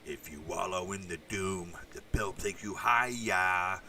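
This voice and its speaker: Guy rambling on his stream, low but bright voice, kinda far from the mic, faint hiss. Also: measured pace. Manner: rambling, with asides and crude swearing. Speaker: podcast host reading live chat. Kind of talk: casual livestream chat.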